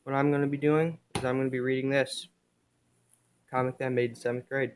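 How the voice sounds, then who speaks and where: A man narrating his own homemade comic in a low-key, quiet way. He drops dry, self-mocking jokes between panels, so it comes across as a casual chat. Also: little pitch movement, fairly quick, slight background noise. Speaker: video creator.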